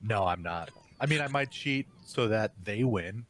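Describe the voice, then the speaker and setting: A man's voice: fairly low pitch, lively intonation, moderate pace, a bit bright, a little hiss or hum. A man in casual talk as a tabletop game player, easygoing and brief.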